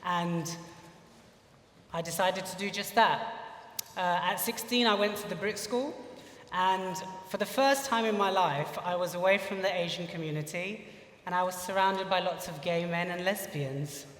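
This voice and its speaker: A man's voice: high-pitched, normal speed, a bit bright, slight background noise. A young British man telling a funny personal story on stage at a live lecture, chatty and full of "you know". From United Kingdom. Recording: echoey hall from far off.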